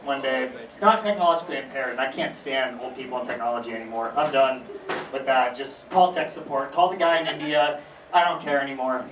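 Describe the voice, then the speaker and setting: A young man doing a stand-up comedy set on a small theater stage, talking casually with deadpan asides and acting out his family's voices. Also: on the high side. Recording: echoey room recorded from far off.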